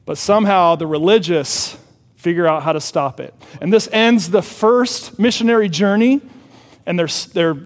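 A man with a high-pitched voice preaches a lively, casual sermon, mixing slang with scripture. His voice rings out with a long reverb, as if in a large church sanctuary. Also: normal speed. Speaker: pastor.

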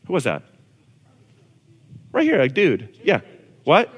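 A man preaching a casual, animated sermon to a congregation. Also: on the high side, takes it slowly, slightly rough. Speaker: pastor. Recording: long reverb of a large hall.

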